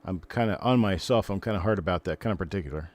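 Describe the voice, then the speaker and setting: Older male stream host with a deep voice, chatty and rambling, talking casually to viewers. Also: fast talker. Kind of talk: casual live stream chat.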